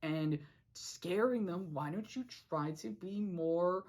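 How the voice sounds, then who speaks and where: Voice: mid-range voice, slow pace, a little mellow. A vlogger doing a cocky cartoon teen girl. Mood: coaxing. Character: brash teenage girl warrior, cocky and blunt. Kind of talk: casual retelling of a cartoon scene.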